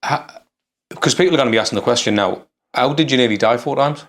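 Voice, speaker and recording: A man hosts a relaxed podcast interview. He reassures his guest and speaks casually. He calls him "mate" again and again. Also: medium pitch, quick pace. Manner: supportive, says "mate" often. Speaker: podcast host.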